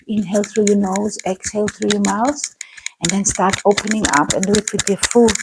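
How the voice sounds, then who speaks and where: A woman teaching a qigong class, calmly guiding movements and breathing. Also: medium pitch, fairly quick, noisy background. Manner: calm, guiding instructions. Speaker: qigong instructor.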